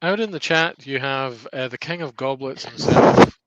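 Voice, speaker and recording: A man's voice: medium pitch, normal speed. A man with a Geordie accent bantering on a livestream, reading out chat comments with playful, wry jokes. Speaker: guest on a woodturning livestream, reads out chat. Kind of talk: joking live-stream banter. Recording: dull lo-fi sound with clear background noise.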